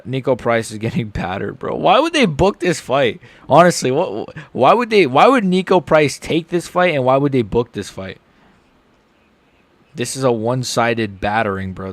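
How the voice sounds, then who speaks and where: A young man streaming a live reaction to fights, chatting casually and getting loud and excited when something big happens. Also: a little slow, long pauses, no echo. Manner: casual, excitable, shouts with rising pitch at big moments.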